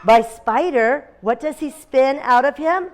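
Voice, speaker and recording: A woman's voice: sits high, animated, unhurried, shouting, noisy background. A woman teacher in a classroom, reading a picture book aloud to young children, asking them questions and making animal sounds. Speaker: kindergarten teacher.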